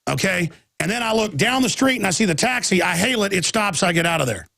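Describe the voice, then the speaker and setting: A radio host in his thirties with a Texan accent rambles through a long story, piling up restarts and acting out other people's lines. His voice sits high for a man and is gravelly. The sound is dry and close. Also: sing-song, fast, bright, forceful tone, no room sound. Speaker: radio talk show host. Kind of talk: live talk radio monologue.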